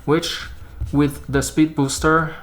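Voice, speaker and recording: A man doing a casual unboxing vlog about camera gear, chatting in a halting way and thinking aloud as he handles the lens. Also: on the high side, level tone, background noise. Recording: roomy echo.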